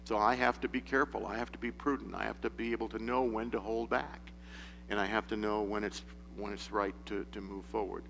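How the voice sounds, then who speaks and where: A man's voice: fairly low pitch, fairly even intonation, brisk, vocal fry, fairly bright tone. A man giving an informal sermon to a men's group, telling stories in a folksy way with chuckles and false starts. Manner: folksy storyteller, chuckles and restarts often. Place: church meeting room. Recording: echoey hall with faint hum.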